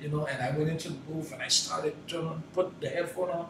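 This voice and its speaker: A man's voice: fairly high pitch, a little fast, recorded from a distance. A man telling a story in an interview, acting out lines and breaking into sung hooks. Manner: animated, acts out lines and sings hooks loudly. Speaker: guest recording artist. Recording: echoey room, voice from off-mic, noisy.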